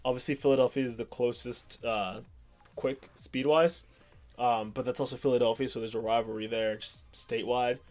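A man's voice: medium pitch, steady tone, moderate pace, a little mellow, soft background music. A young man from the Pittsburgh area co-hosting a podcast, rambling casually with lots of ums and restarts. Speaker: podcast co-host. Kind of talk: casual chat.

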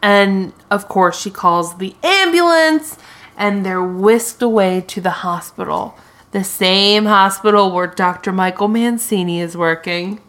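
A woman co-hosting a podcast, recounting a TV plot in a steady storytelling way during casual chat. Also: mid-range voice, unhurried. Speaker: podcast co-host. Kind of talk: casual chat recapping a TV show.

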